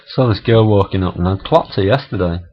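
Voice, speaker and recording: A man's voice: lowish voice, normal speed. A middle-aged man, telling stories in a chatty, laughing, swearing vlog monologue. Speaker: vlogger. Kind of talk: casual storytelling monologue. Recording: dull lo-fi camera audio.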